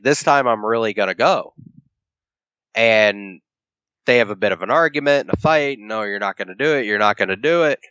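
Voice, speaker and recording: A fairly low-voiced man co-hosts a casual podcast, walking through a comic's story and voicing its characters' lines along the way. He swears easily as he talks. The sound is dull and lo-fi, and the room is dry with no echo. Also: a bit bright. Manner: retells the plot at length, acting out the characters' lines, swears casually. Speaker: podcast co-host. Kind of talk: casual comic book review chat.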